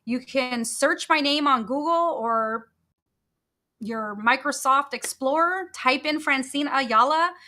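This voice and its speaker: A woman's voice: high-pitched, slow pace, sharp tone. A woman hosting a motivational podcast on her own, talking energetically and emphatically and repeating her key phrases. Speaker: podcast host. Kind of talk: motivational solo talk.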